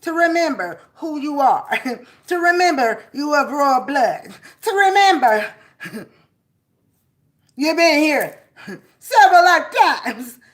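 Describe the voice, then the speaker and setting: Slow, laughing spiritual reader woman. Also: high-pitched, animated, a bit bright. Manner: laughs often, drawn-out preachy delivery. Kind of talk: casual spiritual reading vlog.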